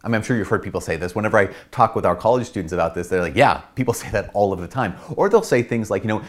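A man with a fairly low voice teaches in a relaxed, chatty way, his pitch swinging widely as he gets animated. He repeats key points, laughs at himself, and slips into playful voices when quoting people. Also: fast talker, hardly any pauses. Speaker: priest and channel host. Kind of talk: casual teaching talk.

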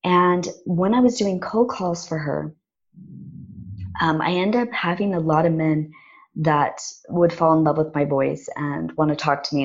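A woman with a breathy, husky voice sits as a guest and tells a personal story with real drama. She acts out the lines of the people in her story. Her voice sits a little low and comes through on dull, lo-fi audio. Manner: animated, dramatic retelling with acted-out quotes. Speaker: podcast guest.

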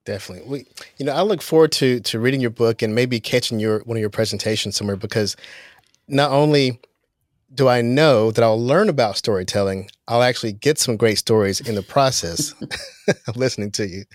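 A man's voice: mid-range voice, a little fast, no room sound, clean studio sound. A man hosting an interview, mostly making brief encouraging remarks and questions to his guest. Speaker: podcast host. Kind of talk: interview conversation.

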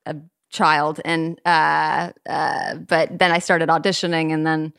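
A woman's voice: sits low, flat delivery, slow pace, creaky, a bit bright, clear, resonant tone, no room sound, studio quality. A woman in her thirties, a podcast guest, chatting casually and telling stories with lots of fillers. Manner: chatty storytelling, many fillers and restarts. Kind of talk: casual chat.

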